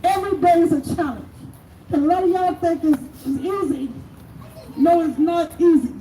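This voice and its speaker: A woman's voice: very high voice, normal speed. A middle-aged bereaved mother giving a raw, angry speech to a crowd at an outdoor protest. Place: outdoors at a protest by city hall. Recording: distant echoey noisy outdoor recording.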